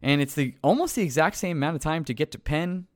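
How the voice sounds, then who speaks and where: A man's voice: on the high side, lively intonation, quick pace. A tired man, hosting a podcast outro, rambling and poking fun at himself as he trips over names. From New York. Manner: rambling, self-mocking, stumbling over names. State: tired late at night. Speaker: podcast host.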